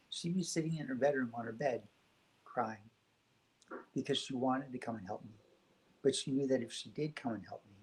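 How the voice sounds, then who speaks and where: A man speaking as a guest on a spiritual talk show, telling stories in a gentle, reflective way. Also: mid-range voice, poor audio.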